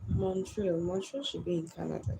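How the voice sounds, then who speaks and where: A woman's voice: lowish voice, steady tone, normal speed, gravelly, warm tone, a little hiss or hum, rough recording. A middle-aged woman from Nigeria, chatting casually on a late-night phone live stream and greeting viewers by name. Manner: chatty, answers viewers by name, sleepy and yawning. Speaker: livestream host. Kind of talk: casual live stream chat, reading comments.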